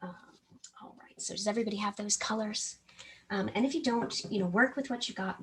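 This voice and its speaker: A woman's voice: mid-range voice, brisk, breathy edge. A woman from the American South teaching a live miniature painting class, chatty and often interrupting herself, sometimes mumbling with a brush in her mouth.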